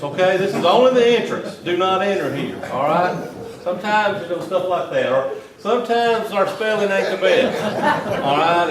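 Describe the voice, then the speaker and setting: A man with a Southern US accent giving a folksy, joking talk to landowners as a wildlife biologist, tagging his lines with "okay?". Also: fairly high pitch. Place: meeting hall. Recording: echoey hall from some distance.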